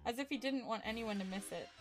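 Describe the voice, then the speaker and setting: Giggly woman streamer reading a visual novel. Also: fairly high pitch. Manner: giggly, swears casually, chats with viewers. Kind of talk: live game stream chat and reading aloud.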